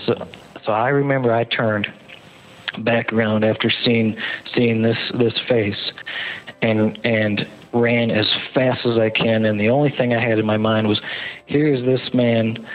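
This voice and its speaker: A man's voice: mid-range voice, fairly even intonation. Man telling his story over a phone line. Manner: halting, repeats words, acts out shouted quotes. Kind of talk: emotional first-person storytelling. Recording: narrow phone-line sound.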